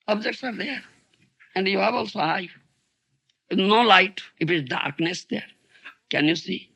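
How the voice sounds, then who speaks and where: A man's voice: sits high, unhurried, creaky, pushed and bright, slightly rough. An older man giving a spiritual lecture. He keeps asking his listeners "isn't it?" and "huh?", and he acts out little dialogues in a raised voice. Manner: rhetorical, asks "isn't it?" and "huh?" often. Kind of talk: sermon.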